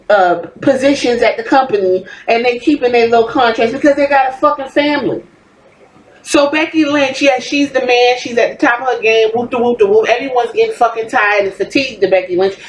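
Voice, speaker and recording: Woman, podcast host, profane heated rant, higher voice. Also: normal speed, slight background noise, low-quality recording. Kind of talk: opinionated commentary rant.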